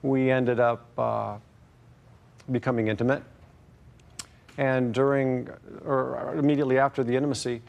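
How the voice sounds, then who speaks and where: Halting man giving courtroom testimony. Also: medium pitch, level tone, gravelly, darkish tone, lo-fi sound. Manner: long, halting retelling with repeated fillers and stock phrases. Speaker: plaintiff in a TV court case.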